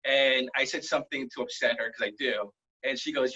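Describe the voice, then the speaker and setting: A man doing a stand-up set over a video call, rambling through self-deprecating jokes in a deadpan way. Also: medium pitch, quick pace, husky. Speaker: stand-up comedian. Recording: muffled lo-fi online call audio.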